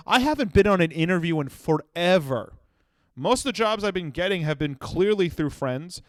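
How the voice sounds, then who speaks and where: Young male comic, high-ish voice, lively storytelling, dry booth sound. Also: normal speed, dry recording. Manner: animated storytelling with acted-out quotes and sudden shouts. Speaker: comedian podcast host. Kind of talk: solo comedic monologue.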